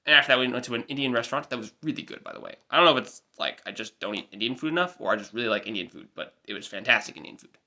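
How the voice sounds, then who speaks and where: A vlogger in his twenties with an American accent gives a rambling, chatty life update in a casual diary style, full of self-deprecating asides. His mid-range voice is expressive and sharp, delivered rapid-fire with few pauses.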